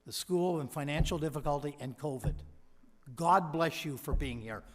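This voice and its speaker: The recording carries long hall reverb from a PA as a man gives a convocation address after receiving an honorary doctorate. With a voice on the high side and moderate pace, he energetically tells anecdotes and acts out what people said in this motivational speech.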